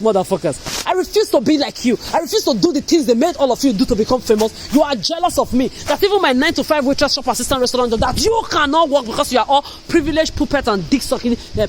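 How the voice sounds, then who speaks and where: A woman's voice: high-pitched, a little hiss or hum, low-quality recording. A woman from Africa delivering an angry, cursing vlog monologue, repeating herself and hurling accusations. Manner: furious, repetitive, cursing, accusatory. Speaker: vlogger.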